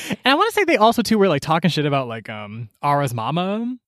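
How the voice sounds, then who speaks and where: A man co-hosting a book podcast, laughing, swearing and tossing in quick jokes. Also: on the high side, wildly swooping pitch, a bit bright, no room sound, studio quality. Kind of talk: casual chat.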